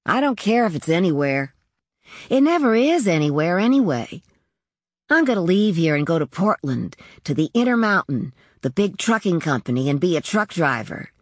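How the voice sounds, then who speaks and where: A woman's voice: lowish voice, sing-song, normal speed, no echo, studio quality. A woman voicing a small-town teenage girl who dreams of trucking, telling her story in a plainspoken, matter-of-fact, chatty way. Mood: blunt, chatty. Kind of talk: audiobook character narration.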